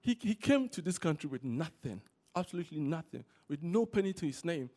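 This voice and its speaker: A man preaching a sermon, repeating key words for emphasis and telling stories in an animated way. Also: a little high, a little fast. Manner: animated storytelling.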